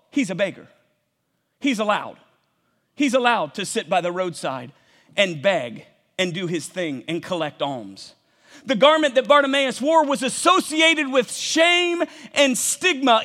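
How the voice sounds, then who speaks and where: A man preaches with fervor in a very high, bright, forceful voice, building to shouts and checking in with his listeners. His sermon rings through a church sanctuary with a long reverb trailing each phrase. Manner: impassioned preaching, rising to shouts, calls to the congregation. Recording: long reverb of a large hall.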